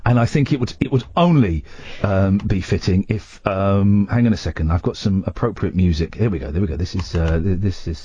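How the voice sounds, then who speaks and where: A man's voice: low voice, a little fast, mellow, breathy edge, lo-fi sound. A man hosting a late-night radio show, joking and rambling with his co-hosts. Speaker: radio host.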